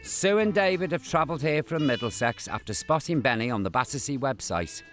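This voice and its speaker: A man's voice: mid-range voice, animated, a little fast, faint music behind. An older man presenting and narrating, joking and cooing at dogs in a camp manner. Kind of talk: documentary narration and chat.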